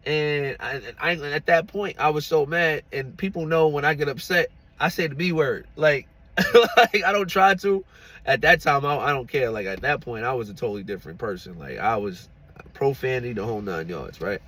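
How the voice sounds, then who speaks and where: A man's voice: mid-range voice, moderate pace, fairly bright tone, no echo. A man telling a personal story in a casual storytime, chatty and laughing, often checking in with "you know what I'm saying".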